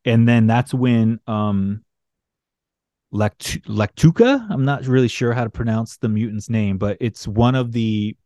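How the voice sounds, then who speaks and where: A man's voice: mid-range voice, flat delivery, unhurried, mellow, no room sound. A man casually recapping a comic book on a podcast, rambling and swearing as he jokes through the story. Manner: rambling, profane, jokey storytelling. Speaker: podcast host.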